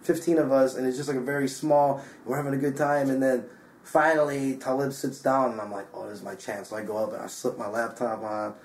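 A slightly drunk man, a DJ, telling a story in an excitable, casual way, swearing often and full of filler words. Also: medium pitch, a little fast, roomy sound, slight background noise. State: a bit drunk. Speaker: DJ and guest. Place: hotel room.

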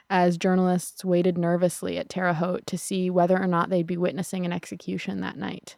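A woman narrating a true crime podcast in a somber, measured way. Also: fairly low pitch, flat delivery, gravelly, a little mellow, no echo, studio quality.

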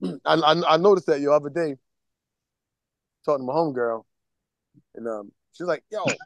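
A young man co-hosting a casual podcast, talking fast in a high, gravelly voice that swings all over. He is blunt and profane and acts out quotes as he tells his stories. The sound is close and dry. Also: no echo. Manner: blunt, profane, animated storytelling with acted-out quotes. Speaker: podcast co-host. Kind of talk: casual chat.

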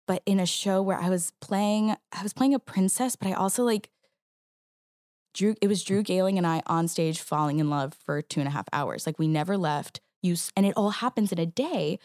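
A woman stage actress chatting as an interview guest, telling stories in an animated way with quick restarts. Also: fairly low pitch, no room sound, clean studio sound. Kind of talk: casual interview chat.

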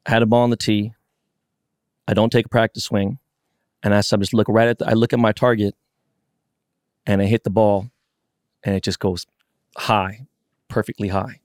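Low-voiced man, swearing storyteller. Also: moderate pace, long pauses, dry recording, clean studio sound. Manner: excited, profane storytelling. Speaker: podcast co-host. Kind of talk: casual chat.

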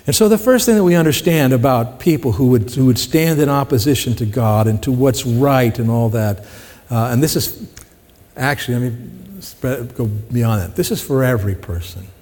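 A man's voice: mid-range voice, lively intonation, moderate pace, darkish tone, long reverb tail. A man preaching a sermon in a conversational way, often asking the congregation questions. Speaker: pastor.

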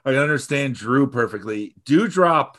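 A man's voice: medium pitch, lively intonation, measured pace, a bit bright. Rambling, swearing podcast co-host man. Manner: rambling, profane, laughs often. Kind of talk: casual podcast chat.

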